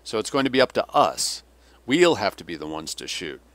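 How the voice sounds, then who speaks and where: A man's voice: fairly low pitch, very animated, moderate pace, fairly bright tone, dry recording. A man voicing a weary, cynical older male Russian general who delivers sardonic, bitter tirades.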